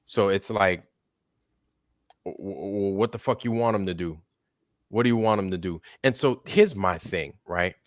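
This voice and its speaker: Man, very deep voice, dry sound, livestream host, emphatic, profane. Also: moderate pace, pauses often, dry recording. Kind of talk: casual live-stream chat.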